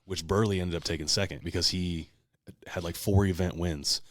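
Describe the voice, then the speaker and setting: A man hosting a casual podcast, telling a competition story with lots of swearing, and loudly acting out what he shouted. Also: low voice, normal speed, no room sound, studio quality. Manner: animated storyteller, swears a lot, shouts out quoted lines. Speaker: podcast host. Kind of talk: casual chat.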